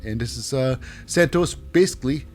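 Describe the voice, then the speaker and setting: A man's voice: mid-range voice, moderate pace. A man casually recapping a wrestling show, rambling with many fillers and self-corrections. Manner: rambling, filler-heavy, animated.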